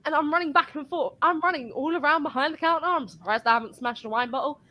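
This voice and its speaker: Woman, casual venting chat, bright tone, slightly high voice, rambling, sweary. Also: fast. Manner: swearing, rambling, animated storytelling. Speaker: guest telling a work story.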